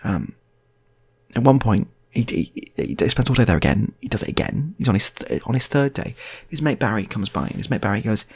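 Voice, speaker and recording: A man's voice: lowish voice, sing-song, fast talker, creaky, a little mellow, slightly rough. A man improvising comic stories in a rambling, laid-back way, repeating himself. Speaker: storyteller.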